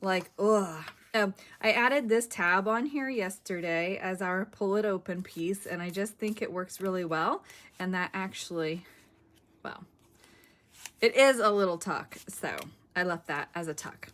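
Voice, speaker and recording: A woman's voice: mid-range voice, measured pace, fairly bright tone. A middle-aged woman hosting a craft video, chatting casually and thinking aloud as she works. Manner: chatty, giggly, thinks aloud while working. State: a bit winded.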